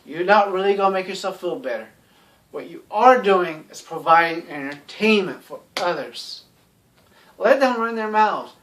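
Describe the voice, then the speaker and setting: A man talks in a loose, rambling monologue, blunt and sarcastic, leaning on fillers as he goes. His voice sits on the higher side for a man. He sounds set back a little from the microphone. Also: lively intonation, moderate pace, fairly bright tone, far from the mic, slight background noise. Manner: rambling, heavy on "you know" fillers. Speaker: YouTube commentator.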